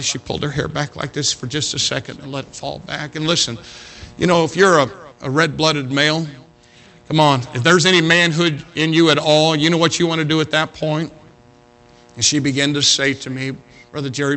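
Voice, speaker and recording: A middle-aged man preaching a sermon to young people, telling a story dramatically and swinging between loud appeals and hushed passages. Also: a little high, a little hiss or hum.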